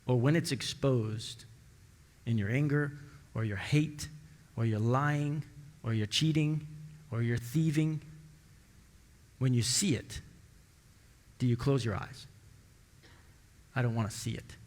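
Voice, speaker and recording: Pastor preaching in a reverberant hall. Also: male voice, slow, pauses often, darkish tone. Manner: storytelling, acting out dialogue with rising pitch. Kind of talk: sermon. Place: church sanctuary. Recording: long church hall reverb.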